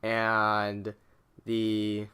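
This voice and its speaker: Young man, bright, forceful tone; casual profane history recap with mock quotes. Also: on the low side, monotone, drawn-out words, clean tone. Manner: irreverent and profane, acting out quotes in mock voices; hesitant, with fillers and restarts. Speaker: student summarizing history chapters. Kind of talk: casual spoken chapter recap.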